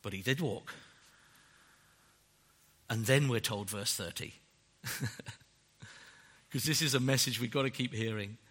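A man preaching a sermon, emphatic and animated, often tagging rhetorical questions onto his points. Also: mid-range voice, unhurried, pauses often, husky. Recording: long hall reverb.

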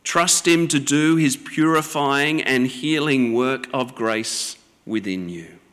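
A male pastor delivering a sermon in a slow, deliberate cadence, letting each phrase settle before the next. His voice rings out in a church with a long reverb trailing behind it. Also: mid-range voice, a bit bright, clean tone. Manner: slow, deliberate preaching with measured pauses.

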